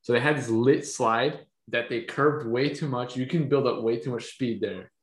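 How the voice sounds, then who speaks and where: Relaxed young man in a roomy space. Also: mid-range voice, normal speed. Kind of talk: casual storytelling chat. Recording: roomy echo.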